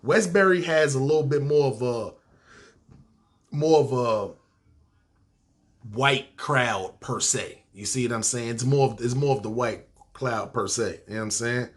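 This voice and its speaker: A podcast host from Harlem, New York, with a New York accent, tells a story from his life in casual, profane street slang. His voice is medium-pitched, and he speaks at a measured pace with frequent pauses.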